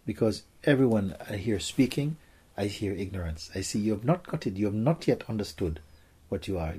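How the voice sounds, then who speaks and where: Casting: deep, warm-toned man as a spiritual teacher, soft and gentle. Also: slightly rough. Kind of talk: spiritual Q&A talk.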